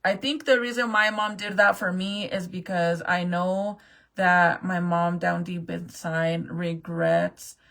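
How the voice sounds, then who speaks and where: A woman's voice: lowish voice, vocal fry, a bit bright. A woman in her late thirties talking casually to her viewers, swearing freely and fighting back tears, laughing nervously as she gets emotional. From New Mexico. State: tearful. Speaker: vlogger. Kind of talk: casual confessional talk to camera.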